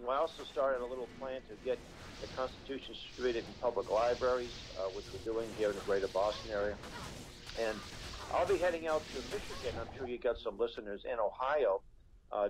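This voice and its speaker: A man's voice: medium pitch, background noise. Earnest man explaining on a radio interview. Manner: earnest, rambling with many restarts. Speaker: guest, constitution educator.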